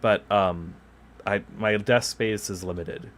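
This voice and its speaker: Rambling streamer man, bright tense voice. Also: lowish voice, slow pace, a little hiss or hum. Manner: rambling, chuckles often, self-mocking. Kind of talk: casual chat while gaming. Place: home desk. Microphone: desk microphone beside him.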